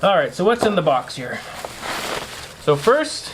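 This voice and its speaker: A man's voice: high-pitched, sing-song, unhurried, noisy background. A man hosting a casual home theater vlog, chatting to viewers as "guys" and teasing what comes next, recorded on a camera mic in his home theater room. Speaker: home theater channel host.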